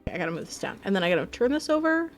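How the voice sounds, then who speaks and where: A woman streaming a game live, chatting in a bubbly, excitable way with her viewers. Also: medium pitch, very fast, soft background music. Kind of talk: casual live-stream chat.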